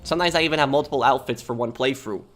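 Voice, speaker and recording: A man's voice: medium pitch, a bit bright, soft background music. Rambling man. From New York. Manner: rambling, halting, repeats words while thinking. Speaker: game streamer. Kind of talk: casual chat while gaming.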